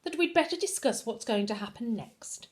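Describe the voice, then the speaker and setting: A woman's voice: a little high, expressive, moderate pace, natural voice. Woman doing an icy villain headmaster. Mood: cold. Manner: icy, clipped and commanding. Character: cold, controlling villainous male headmaster.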